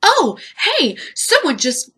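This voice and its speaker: A woman voicing her pet cat as a sassy, bossy female in a high, quick, mock-innocent voice. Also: wildly swooping pitch, pushed and bright, heavily acted.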